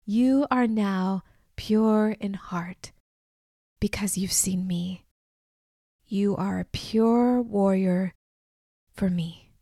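Woman putting on a hushed, loving divine man. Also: very slow, pauses often, no echo, studio quality. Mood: gentle, authoritative. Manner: soft, low and hushed. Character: calm, loving male divine figure, gentle authority.

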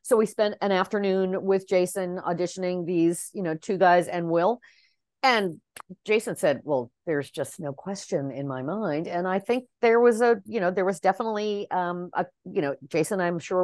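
A middle-aged woman, a casting director, tells stories in an animated, expressive way, with many fillers and restarts. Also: on the low side, normal speed, no echo, studio quality. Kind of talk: casual interview storytelling.

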